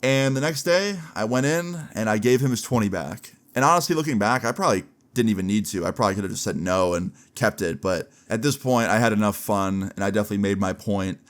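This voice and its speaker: A man's voice: fairly low pitch, lively intonation, fast, hardly any pauses. A young man casually telling a story from his school days, slangy and laid-back, often adding "like" and "right?". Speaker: storyteller vlogger. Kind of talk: casual story-time narration.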